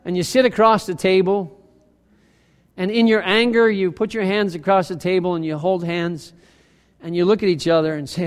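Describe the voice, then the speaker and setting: A man preaching a sermon as worship leader, conversational and animated, acting out quotes from everyday life. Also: high voice, normal speed, clear, resonant tone, long reverb tail. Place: church sanctuary.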